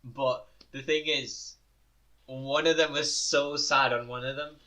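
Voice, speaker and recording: A man's voice: mid-range voice, steady tone, takes it slowly, pushed and bright. A young man co-hosting a podcast in casual chat, easygoing, mostly giving short agreeing replies, who swears freely. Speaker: podcast co-host. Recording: slightly dull lo-fi mic.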